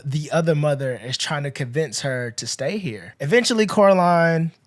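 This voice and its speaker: A man hosting a podcast, casually retelling a movie's plot in a chatty, rambling way, full of "you know" and "like", with his voice rising and dropping in loudness. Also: fairly high pitch, expressive, moderate pace. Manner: chatty, filler-heavy storytelling with swings in loudness. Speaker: podcast host.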